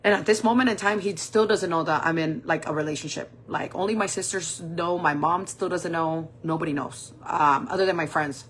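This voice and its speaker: A woman's voice: on the low side, fairly quick, few pauses, a little hiss or hum. A woman in her forties tells a personal story while doing her makeup, swearing freely and acting out what people said. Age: 40s. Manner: animated, swearing, acting out quoted dialogue. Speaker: makeup vlogger.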